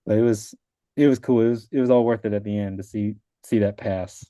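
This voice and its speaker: A father with a wife and young kids, joining a video call as an adult guest, tells the laid-back story of passing his exam, rambling with plenty of "like" and imitating the people he quotes. His lowish, mellow voice holds fairly even intonation and runs a little fast. The recording is dry with clean studio sound.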